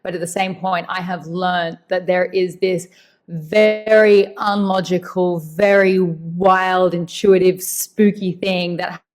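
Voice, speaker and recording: A woman with a slightly low voice talks as a guest in a relaxed interview. She is animated and emphatic, drawing out the words she wants to stress and slipping into quick bits of acted-out dialogue. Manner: animated, acts out quoted dialogue. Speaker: podcast guest, meditation teacher and author. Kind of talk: conversational interview.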